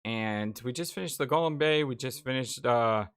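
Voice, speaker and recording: A man's voice: mid-range voice, normal speed, fairly bright tone, clean tone. A man hosting a let's play, giving casual, rambling gameplay commentary with many fillers.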